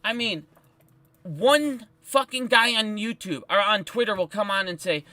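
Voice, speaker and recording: High, bright-voiced ranting male streamer. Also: measured pace, no room sound. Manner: heated, profane and emphatic. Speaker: stock market live streamer. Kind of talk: live stream rant.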